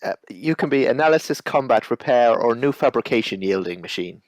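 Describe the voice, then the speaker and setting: A man's voice: medium pitch, expressive, fairly quick, no echo. Stammering man playing a tabletop game. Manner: hesitant, stammering, laughing often. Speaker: player. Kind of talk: casual tabletop role-play.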